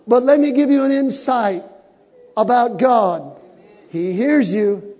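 A man preaching from the pulpit with a very high, mellow voice. He builds his lines to shouts and has the congregation repeat them back. His words ring through the long reverb of a big church hall. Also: slow pace. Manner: preaching with rising shouts and call-and-response. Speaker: pastor. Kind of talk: sermon. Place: church sanctuary.

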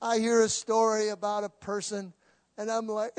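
At a church service, a male pastor with a voice that sits high delivers a sermon at a moderate pace. He is impassioned, moving between loud proclamations and quiet passages, though his delivery stays monotone.

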